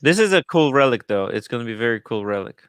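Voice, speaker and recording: A male host chatting in a relaxed, musing way, with a smooth, resonant voice. He sits close to a studio microphone, and the sound is dry, with no room echo. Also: medium pitch, fast. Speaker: host of a watch talk show. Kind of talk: casual livestream chat.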